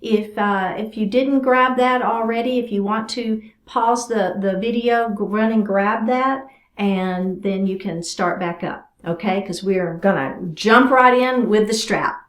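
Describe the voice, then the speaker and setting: A woman's voice: mid-range voice, unhurried, a bit bright. A woman teaching a chair yoga class, giving chatty, encouraging cues while doing the stretches herself. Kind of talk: guided exercise class instruction. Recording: roomy echo.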